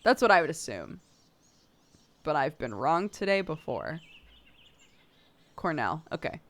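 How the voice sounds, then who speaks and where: A woman's voice: sits low, sing-song, moderate pace, fairly bright tone. A young woman streamer reading a narrative game aloud, breaking off for playful, laughing asides.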